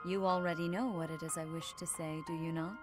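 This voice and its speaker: An actress playing a serene woman archbishop who speaks slowly, formally and solemnly. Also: sits low, fairly even intonation, faint music behind, lightly acted. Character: serene, commanding woman church leader.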